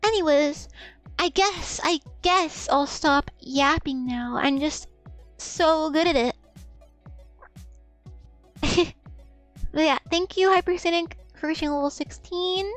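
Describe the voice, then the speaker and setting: A woman's voice: high voice, slow, long pauses, soft background music. A young woman streamer chatting casually, rambling and giggly, often stammering and repeating words and swearing freely. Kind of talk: casual live-stream chat.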